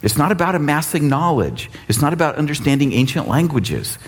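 Animated, husky-voiced man preaching. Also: fairly high pitch, a little fast. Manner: casual, animated preaching with acted-out quotes. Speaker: pastor. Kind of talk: sermon.

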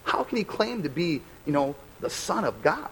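A dismissive, grumbling townsman who can't believe the claims of someone he knew as a kid, as a male preacher acts him out. He scoffs with an incredulous, lively swing in his voice. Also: fairly high pitch, normal speed, a little hiss or hum, rough recording. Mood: scoffing.

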